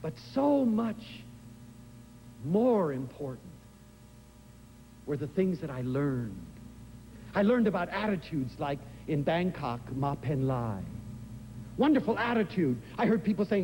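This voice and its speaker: An older man giving an inspirational lecture, telling stories in an animated, expressive way. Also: measured pace, long pauses. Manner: expressive, animated storytelling with big swings in pitch. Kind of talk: inspirational lecture to a live audience. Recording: live lecture in a hall with faint room noise.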